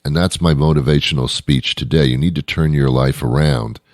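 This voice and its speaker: A man's voice: very deep voice, steady tone, fairly quick, darkish tone, no echo, clean studio sound. A man hosting his own show, rambling through a self-deprecating comic monologue with stumbles and restarts. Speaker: host. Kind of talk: comedic monologue.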